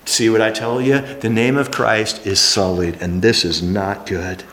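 A man preaching a sermon, emphatic, dropping to hushed lines and then rising to animated exclamations. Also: fairly low pitch, a little slow. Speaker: pastor. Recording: echoey hall.

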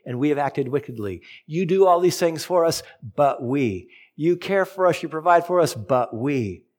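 A middle-aged man preaching a sermon, telling a personal story and reading scripture with lively, expressive delivery. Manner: storytelling, animated with big pitch swings. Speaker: pastor.

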